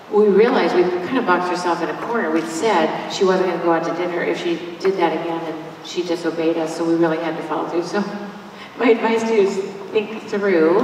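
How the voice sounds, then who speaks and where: A woman's voice: on the low side, slight background noise. A woman and mother speaking at a church conference, giving parenting advice through family stories with light humor. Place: church hall. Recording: echoey hall from far off.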